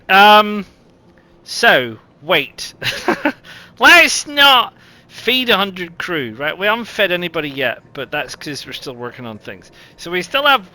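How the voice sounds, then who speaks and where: A man's voice: fairly high pitch, bright, forceful tone, a little hiss or hum. A man with a New Zealand accent casually commentating a strategy game, thinking aloud with lots of ums. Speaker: gaming channel host.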